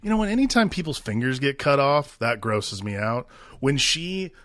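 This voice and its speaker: A man co-hosting a movie podcast in relaxed, casual chat. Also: mid-range voice, moderate pace, no room sound, studio quality. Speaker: podcast co-host.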